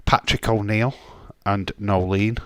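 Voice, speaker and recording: A man's voice: lowish voice, steady tone, slow pace, fairly bright tone, no room sound. A man, casually chatting on a live stream and bantering with chat comments, swearing now and then.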